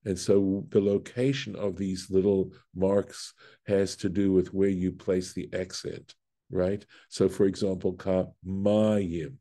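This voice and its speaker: Rabbi guy going through a text slowly, deep mellow voice, stops to fix himself. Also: flat delivery. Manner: explains step by step, reads Hebrew aloud and translates; pauses with fillers and self-corrections. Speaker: rabbi teaching Torah study. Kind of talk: Bible study lesson.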